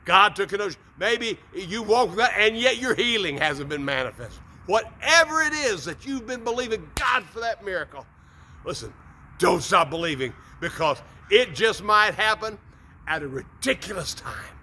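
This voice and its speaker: A man hosting a morning devotional talk in an upbeat, folksy way. His voice sits high and bright, and he often doubles words as he speaks. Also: animated, normal speed. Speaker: preacher, motivational host.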